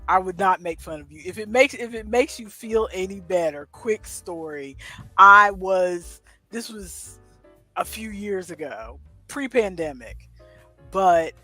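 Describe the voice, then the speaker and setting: A woman's voice: medium pitch, measured pace, sharp tone, faint music behind. A middle-aged woman co-hosting a casual chat, telling a story with chatty asides. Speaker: co-host.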